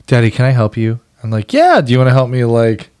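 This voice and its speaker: A man's voice: medium pitch, sing-song, fast, a little mellow, smooth. A man co-hosting a podcast, chatting casually and laughing often as he tells family stories. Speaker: podcast co-host. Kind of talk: casual chat.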